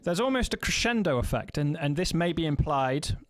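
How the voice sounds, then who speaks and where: A man teaching snare drum technique, explaining in a measured way and counting rhythms aloud, with occasional fillers and self-corrections. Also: fairly high pitch, animated, loud music behind the voice. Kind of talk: instructional music lesson.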